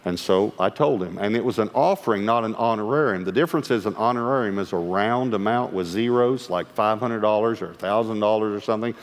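Pastor telling a story. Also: male voice, lowish voice, a little fast, few pauses. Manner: animated storyteller acting out dialogue; drops to a hush for quoted lines. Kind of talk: storytelling sermon. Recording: long hall reverb.

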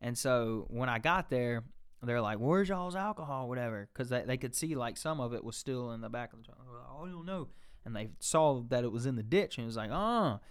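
A young man telling an animated, profane story on a casual podcast and acting out the voices of the people in it. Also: medium pitch, a little fast, clean tone.

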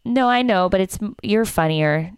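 Animated young woman telling a story. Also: medium pitch, measured pace, clear, resonant tone. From Canada. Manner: animated, acts out quotes. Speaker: comedian and podcast co-host. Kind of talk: casual podcast storytelling.

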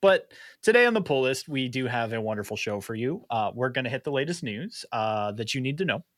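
A playful male podcast host from Canada, joking at his own expense and laughing easily. His voice sits at an everyday middle pitch. The sound is close and dry, with no room around it. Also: sing-song, fairly quick, fairly bright tone, no room sound. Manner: playful, self-deprecating, laughs often. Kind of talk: casual podcast chat.

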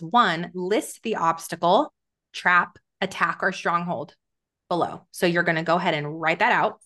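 A woman's voice: mid-range voice, a bit bright. Earnest woman teaching faith steps. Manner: earnest, emphatic, says "right?" often; reads scripture slowly and with stress. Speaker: podcast guest, Christian coach. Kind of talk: teaching podcast talk.

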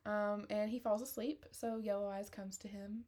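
Podcast co-host woman, casual show recap, animated, laughs a lot. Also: mid-range voice, normal speed. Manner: animated retelling, laughs often.

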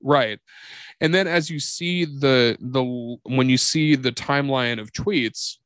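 A man's voice: medium pitch, takes it slowly, no echo. A man hosting a podcast in casual chat, telling stories with energy and swearing freely. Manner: animated storyteller, swears freely. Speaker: podcast host.

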